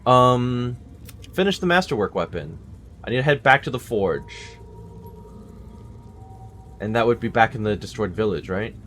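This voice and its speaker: Brief: a wry male streamer talking himself through a game, animated delivery over game music. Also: mid-range voice, moderate pace, pauses often. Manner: wry, muttered asides to himself. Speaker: gameplay video host. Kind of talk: casual gameplay commentary.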